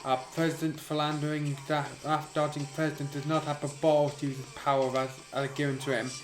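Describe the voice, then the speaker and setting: A man's voice: a little high, little pitch movement, fairly quick, lightly acted. A man reading as a blustering militia leader. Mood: rousing. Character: blustering male militia leader giving a speech. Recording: echoey room, music behind.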